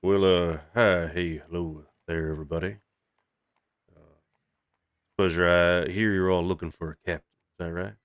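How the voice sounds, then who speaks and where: A humble, polite old half-elven sea captain who hems and apologizes as he speaks, played by a game master. The voice is very low and recorded dry and close. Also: fairly even intonation, normal speed, pauses often, smooth, no echo, lightly acted. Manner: hesitant, apologetic, full of uhs.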